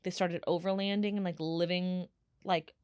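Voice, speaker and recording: A woman's voice: lowish voice, normal speed, smooth, no echo. Chatty woman podcast host, dry close sound. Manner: chatty, animated storytelling with many fillers. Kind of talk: casual solo podcast chat.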